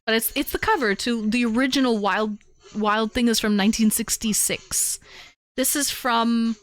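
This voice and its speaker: A young woman hosting a live-streamed call-in show, chatting casually and getting excited as she talks. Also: a little high, normal speed. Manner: excitable, chatty, bursts into shouting and humming beats.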